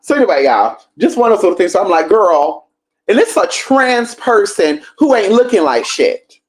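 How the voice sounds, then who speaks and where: A woman hosting a livestream, telling a story in a sassy, profane, animated way. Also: medium pitch, moderate pace. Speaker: livestream host.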